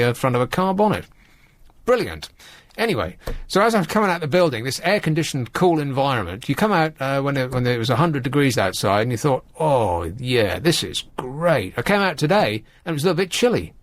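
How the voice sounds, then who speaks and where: A man's voice: on the high side, no room sound. A man hosting a late-night radio phone-in, talking in a wry, rambling, teasing way into a studio microphone.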